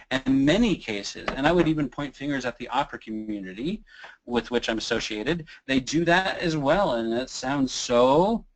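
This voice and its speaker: A man's voice: mid-range voice, rough recording. Man teaching voice in a casual webinar. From Kansas City area, USA. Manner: casual, demonstrates moans, sighs and creaky sounds. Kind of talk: webinar talk demonstrating vocal exercises.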